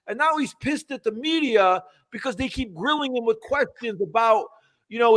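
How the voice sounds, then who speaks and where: An older man co-hosting a casual sports talk show, ranting in an animated, mocking way. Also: very high-pitched, normal speed.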